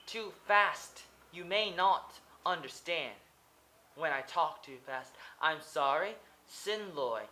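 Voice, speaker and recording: A man's voice: on the high side, pushed and bright. A young man in his twenties, an English teacher, explaining things in simple repeated phrases for learners. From Oregon, USA. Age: 20s.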